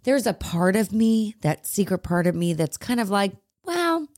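A woman co-hosting a comedy podcast, playful and giggly, gently prodding the others. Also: medium pitch, very animated, moderate pace. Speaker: co-host.

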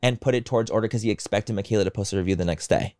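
Fast-talking man recapping gossip. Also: fairly low pitch, dry recording, studio quality. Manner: rapid, animated storytelling with quoted voices. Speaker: podcast co-host. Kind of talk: casual gossip chat.

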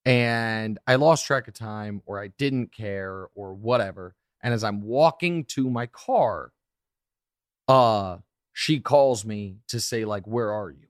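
A man in his thirties hosting a casual podcast, telling stories with quick asides. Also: on the low side, dry recording, studio quality. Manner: animated storyteller, quick asides. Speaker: podcast host.

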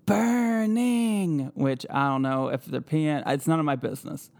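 A man hosting a casual podcast chat in a playful, joking manner, quick to laugh. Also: medium pitch, level tone, vocal fry, a little hiss or hum. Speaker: podcast host.

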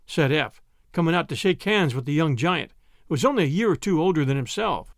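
Lively, high-voiced male narrator. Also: fairly quick, gravelly, no room sound, clean studio sound. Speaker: audiobook reader. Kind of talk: scripted narration.

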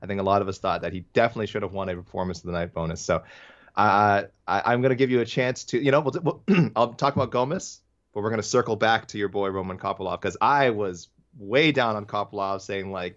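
A man co-hosting a podcast, chatting casually about fights in an animated, rambling way that often corrects itself. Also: lowish voice, brisk, lo-fi sound. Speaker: podcast co-host. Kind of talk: casual sports chat.

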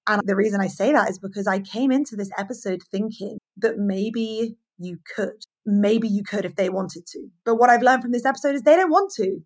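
A woman hosting a podcast, talking candidly and with feeling about her own past relationships. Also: fairly high pitch. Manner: candid and animated, sharing personal stories. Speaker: podcast host. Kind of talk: casual podcast conversation.

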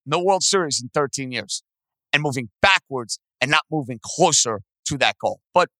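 A man's voice: mid-range voice, lively intonation, moderate pace, pushed and bright, dry recording, low-quality recording. A man hosting a sports talk show, ranting angrily with sarcasm at his team's owners. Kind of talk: sports talk podcast rant.

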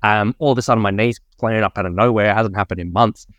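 A man's voice: fairly low pitch, fairly even intonation, fairly bright tone, no room sound. A man with an Australian accent, a personal trainer guest, telling stories eagerly in casual podcast chat. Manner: fast, enthusiastic storytelling with many fillers.

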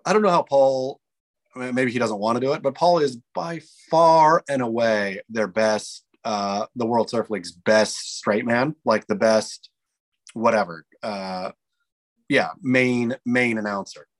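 A man's voice: mid-range voice, a little slow. A man co-hosting a podcast, chatting casually and enthusiastically with frequent restarts. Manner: rambling, enthusiastic, restarts often. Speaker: podcast co-host. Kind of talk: casual chat.

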